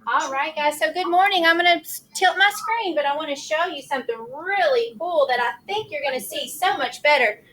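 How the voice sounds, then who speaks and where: A woman's voice: sits high, brisk, few pauses, a bit bright. A woman teaching kindergarten over a video call, cheerful and sing-song, coaxing young children through the morning meeting. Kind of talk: online class morning meeting.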